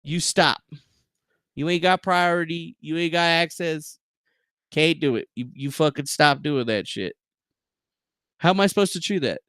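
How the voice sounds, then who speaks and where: A man streaming from his home setup, ranting casually and profanely, swearing at his own software. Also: fairly high pitch, measured pace, pauses often, no echo, clean studio sound. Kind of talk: casual livestream rant. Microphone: desk microphone with noise gate.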